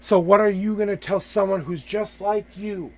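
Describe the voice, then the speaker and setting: A man's voice: high-pitched, fairly even intonation, normal speed, a little mellow. A man hosting a live tarot reading, coaching the person he reads for with emphatic, repeated affirmations.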